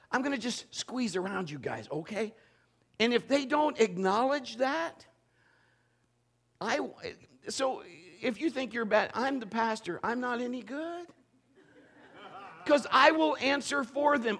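A man's voice: extremely high pitch, a little slow, long pauses. A middle-aged man, a pastor, giving a humorous sermon full of stories and acted-out quotes. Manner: storytelling with acted quotes, animated and joking.

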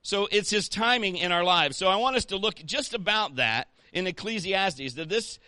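A man's voice: high voice, lively intonation, moderate pace, bright, forceful tone, no room sound, clean studio sound. A man, a pastor, preaching a sermon in a conversational way and rallying the congregation with call-outs.

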